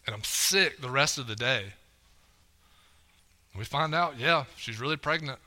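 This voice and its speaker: A man's voice: medium pitch, a little slow, bright, forceful tone. A young man preaching a sermon from a church stage, telling a personal story in a casual, conversational way and often checking in with "right?".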